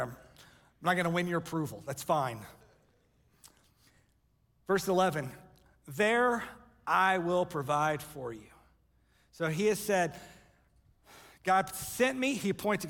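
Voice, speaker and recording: A man preaching a sermon to his congregation, emphatic, with quick joking asides to the room. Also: high-pitched, fairly bright tone. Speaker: pastor. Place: church sanctuary. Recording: live church hall reverb.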